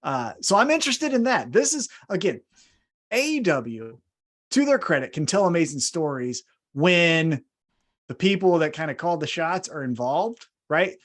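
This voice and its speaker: A man's voice: a little high, fairly bright tone. A man co-hosting a wrestling podcast, recapping segments like a story with wry asides and questions. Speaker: podcast co-host. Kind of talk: casual wrestling recap narration.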